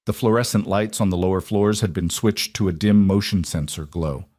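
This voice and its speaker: A man narrating a first-person romance story in a steady, measured reading. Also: low-pitched.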